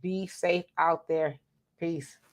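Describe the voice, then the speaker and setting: A woman from Southern California co-hosting a live stream, chatting casually with viewers and telling animated stories. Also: on the low side, slow. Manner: animated, talks straight to viewers, tells stories. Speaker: co-host of a live stream show.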